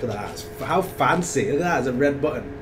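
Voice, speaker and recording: A man co-hosting a live stream in a relaxed, easygoing way. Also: mid-range voice, fast. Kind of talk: casual chat on a live stream. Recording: distant mic with air-conditioning hum.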